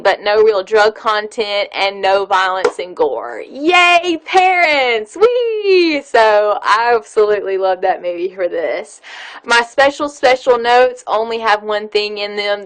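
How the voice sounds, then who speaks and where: A woman's voice: medium pitch, rough recording. A woman giving a casual movie review on her vlog, chatty and gushing, with frequent fillers.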